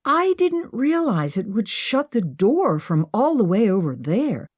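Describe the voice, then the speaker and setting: A woman's voice: mid-range voice, big pitch swings, unhurried, no echo, clean studio sound, pitched above the performer's own voice. A woman voicing an impulsive, upbeat young woman who brushes off worry, in an audiobook.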